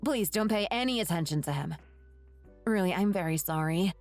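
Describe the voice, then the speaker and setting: A woman voicing an indignant young wife in an animated story, scolding in a shocked way. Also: lowish voice, moderate pace, soft background music, lightly acted. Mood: apologetic.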